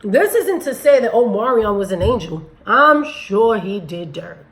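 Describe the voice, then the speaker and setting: A woman's voice: medium pitch, big pitch swings, measured pace, a bit bright, poor audio. Blunt woman commenting on a video. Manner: blunt, critical, talks straight to viewers. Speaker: commentary channel host.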